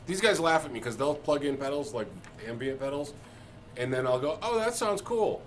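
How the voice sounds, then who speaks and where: A man's voice: mid-range voice, brisk, slight background noise. A man co-hosting a casual podcast, joking and rambling and laughing often. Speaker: co-host. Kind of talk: casual chat.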